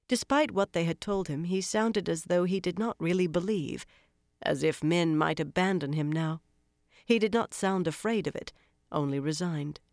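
An audiobook narrator reading a fantasy novel in a measured, even storytelling manner. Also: medium pitch, vocal fry, no room sound, studio quality.

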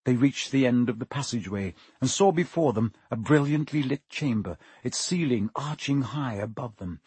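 A man narrating an audiobook with expressive, dramatic pacing. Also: mid-range voice, moderate pace, husky, dry recording. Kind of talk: audiobook reading.

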